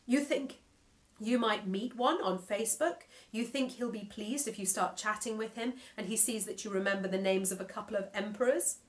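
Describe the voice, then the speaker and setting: A woman's voice: mid-range voice, moderate pace, close to an everyday voice. A woman voicing a smug male AI that talks through a big digital mouth, pompous and over-enunciated. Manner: pompous, self-satisfied, enunciating every syllable.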